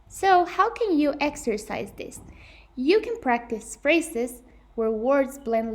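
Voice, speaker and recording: A woman's voice: on the high side, lively intonation, unhurried, darkish tone, a little hiss or hum. Earnest young woman teaching pronunciation. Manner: earnest, careful, with frequent self-corrections. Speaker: English pronunciation presenter. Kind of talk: scripted lesson presentation.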